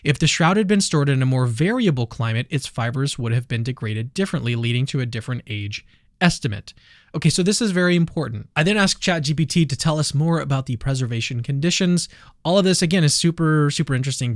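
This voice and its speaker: A man's voice: medium pitch, animated, fast, no echo, studio quality. A man hosting a channel, reading a paper summary aloud in a casual commentary style, with self-deprecating asides. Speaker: channel host.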